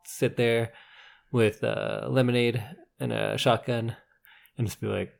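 A man's voice: medium pitch, level tone, unhurried, gravelly. A man from Canada hosting a casual podcast, joking around and slipping into put-on old man voices. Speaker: podcast host. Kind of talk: casual chat.

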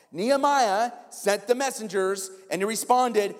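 A pastor with a high voice preaching in a conversational, joking way, often checking in with the room. His voice carries a long reverb from a large church hall. He keeps an easy back-and-forth feel. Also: expressive, unhurried, hardly any pauses, darkish tone. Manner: humorous, conversational, keeps asking "right?". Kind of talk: sermon.

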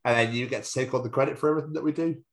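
Giggly Scottish man, mid pitch. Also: rapid-fire. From Scotland. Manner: giggly, rambling and sweary. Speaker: podcast co-host. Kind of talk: casual chat.

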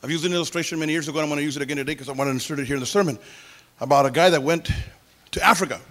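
A man's voice: a little high, racing, fairly bright tone. A man preaching a sermon in a church service, folksy and exclamatory, breaking in with hallelujahs. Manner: exclamatory, with interjected hallelujahs and praise the Lord; folksy storytelling, mimicking music with sung syllables. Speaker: pastor.

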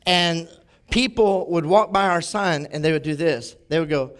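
A man preaching a sermon as pastor, telling a personal story in a conversational, animated way. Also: fairly high pitch, normal speed, clear, resonant tone.

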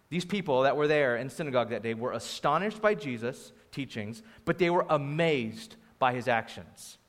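A young adult man preaching a conversational, storytelling sermon in a lively, informal way, with a sore throat. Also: a little high. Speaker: pastor. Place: church venue. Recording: long hall reverb.

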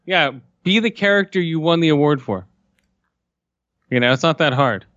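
A man's voice: fairly high pitch, animated, normal speed, fairly bright tone, no room sound. Chill young guy hosting a podcast, lots of uhs, dry kinda muffled mic. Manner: laid-back, hesitant, many fillers. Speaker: podcast host. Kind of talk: casual chat.

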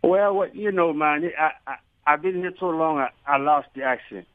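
A male radio caller with a high-pitched voice, heard over a tinny phone line. He talks in a loose, colloquial drawl and circles back over his points. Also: moderate pace, no room sound. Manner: drawling, colloquial, repeats himself. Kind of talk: phone-in call.

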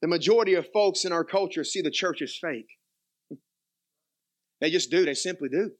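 A young male pastor, preaching a sermon in an animated way, dropping to quiet asides and rising to loud emphatic peaks. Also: on the high side, moderate pace.

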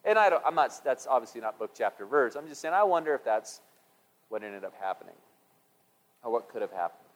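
Middle aged guy preaching, chatty and thinking out loud, gets louder to make a point. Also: sing-song, a little fast. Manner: conversational, musing, rises for emphasis and drops low for scripture. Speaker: pastor. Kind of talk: sermon.

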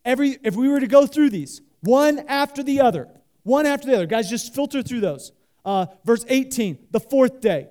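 A man preaching a sermon with a high yet mellow, darkly colored voice. He is animated and leads the congregation in call-and-response, rambling with fillers and restarts as he works through his points. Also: normal speed. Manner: talks loosely with many fillers and restarts. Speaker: pastor.

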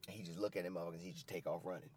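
A low-voiced man talking in a relaxed podcast style. His speech is loose and profane, and he slips into voices to act out the quotes as he recaps. It sounds like casual chat between friends. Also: racing, slight background noise. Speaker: co-host recapping wrestling.

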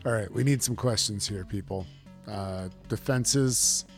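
A man playing a tabletop game, joking with the table and narrating his character's actions in a playful, drawn-out way. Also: on the low side, soft background music. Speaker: player.

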